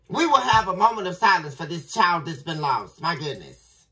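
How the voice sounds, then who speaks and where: A woman reading tarot for her viewers in a sharp, bright voice. She talks dramatically, breaking off and repeating herself for emphasis. Her voice sounds a little distant from the microphone. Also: fairly low pitch, sing-song, normal speed. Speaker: tarot reader.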